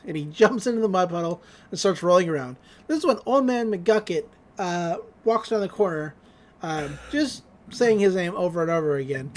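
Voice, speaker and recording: A podcast host casually recapping a cartoon episode, animated, laughing often and acting out the lines. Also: medium pitch, moderate pace.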